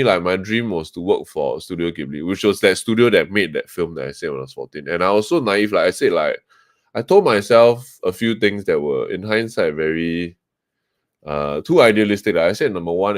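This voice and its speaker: Low-voiced Singaporean man, rambling chat. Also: animated, a little fast, dry recording, studio quality. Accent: Singaporean English. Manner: chatty, rambling, frequent fillers and restarts. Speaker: podcast guest, webcomic co-founder. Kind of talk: casual interview talk.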